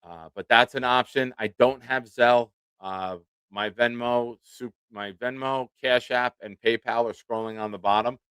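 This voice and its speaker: A man's voice: medium pitch, measured pace, few pauses, clean tone, dry recording. A man in his forties hosting a live sports show, chatting casually with viewers and nursing a swollen tooth. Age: 40s. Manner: relaxed, chatty, self-deprecating. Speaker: podcast host. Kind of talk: casual live-stream chat.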